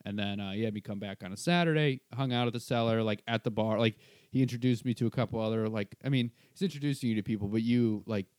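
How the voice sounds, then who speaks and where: A stand-up comedian with a lowish voice talks quickly into a podcast microphone, in a dry, studio-quality recording. He tells a story in casual podcast style, animatedly acting out what other people said.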